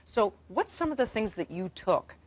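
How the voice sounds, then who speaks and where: A woman's voice: medium pitch, sing-song, moderate pace. A woman co-hosting a morning TV show, chatty and emphatic. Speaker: TV co-host. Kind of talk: morning TV interview.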